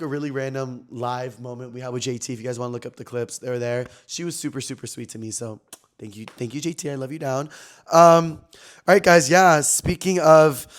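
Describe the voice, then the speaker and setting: A young man hosting his own podcast, telling gossipy stories in an animated, slangy, casual way. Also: medium pitch. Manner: animated, chatty, heavy slang and "like" fillers. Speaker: podcast host.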